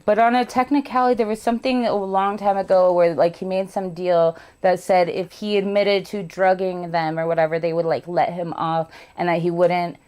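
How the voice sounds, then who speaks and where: A woman's voice: lowish voice, steady tone, moderate pace, few pauses, darkish tone, smooth. A young woman hosting a casual podcast chat, talking candidly, swearing freely and joking with sarcasm. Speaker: podcast host.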